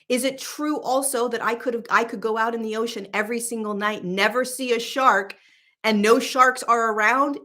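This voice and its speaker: A woman spiritual teacher and host telling a casual story in an animated, emphatic, chatty way. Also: on the high side.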